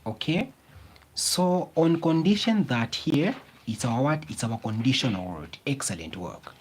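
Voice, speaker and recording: A man's voice: medium pitch, sing-song, husky. A male tutor teaching a grammar lesson, repeating key phrases and prompting the class with fill-in questions. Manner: slow, emphatic explaining.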